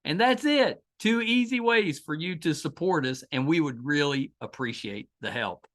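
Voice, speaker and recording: A middle-aged man with a West Virginia accent hosts a casual podcast chat. His pitch is a little high and swings widely as he talks. He sounds enthusiastic, often restarting his sentences. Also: expressive, normal speed, fairly bright tone. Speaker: podcast host.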